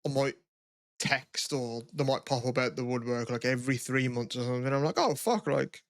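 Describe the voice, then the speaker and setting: A man's voice: medium pitch, little pitch movement, a little fast, clean tone, no room sound. A man co-hosting a podcast, chatting casually and rambling, with lots of swearing and filler words. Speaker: podcast co-host. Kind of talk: casual chat.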